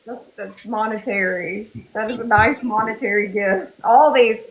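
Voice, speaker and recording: A Southern US woman hosts a relaxed live-stream panel. Her voice sits at an ordinary middle pitch, and she talks in a loose, rambling way full of quick asides. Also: slight background noise, low-quality recording. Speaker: cosplay panel host. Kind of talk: casual live-stream chat.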